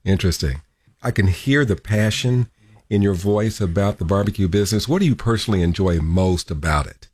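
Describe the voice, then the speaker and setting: A man's voice: fairly low pitch, a little fast, darkish tone, no echo, studio quality. A man hosting a radio show, interviewing a guest with chatty broadcast-style questions.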